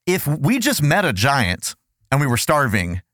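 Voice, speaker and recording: A man hosting a podcast, riffing in animated, sarcastic chat. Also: medium pitch, measured pace, no echo, studio quality. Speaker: podcast host. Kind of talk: casual comedic chat.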